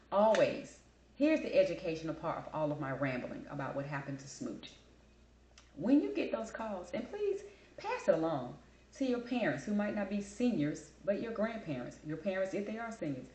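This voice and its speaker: A woman's voice: on the low side, a little mellow, echoey room, rough recording. Blunt, talkative woman host. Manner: blunt, emphatic, talkative storyteller. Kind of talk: casual chat.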